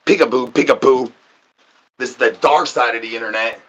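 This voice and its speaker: A man's voice: medium pitch, a little fast, a bit bright, lo-fi sound. A man hosting his own stream, riffing through a rambling, absurd comedy monologue full of slang and silly repeated catchphrases. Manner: crude, slangy, joking patter with playful repeated catchphrases.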